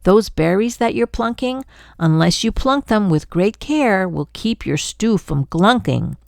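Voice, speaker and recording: A woman's voice: medium pitch, expressive, a little slow, creaky, a little mellow, no room sound, clean studio sound. An older woman voicing a chatty, pushy male glunk creature in a storybook read-aloud, sweet-talking and jabbering on.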